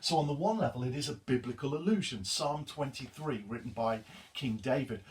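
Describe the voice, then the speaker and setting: Man, teacher, literature lesson, measured and emphatic, middle pitch, a bit far from the mic. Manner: measured, emphatic delivery, repeats key quotes. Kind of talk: poetry reading and literature lesson.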